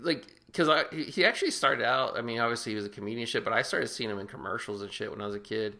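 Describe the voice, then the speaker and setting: A man's voice: medium pitch, rapid-fire, vocal fry, bright, forceful tone. A man co-hosting a podcast, rambling crudely through a film recap and correcting himself as he goes. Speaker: podcast co-host. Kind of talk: casual film-review chat.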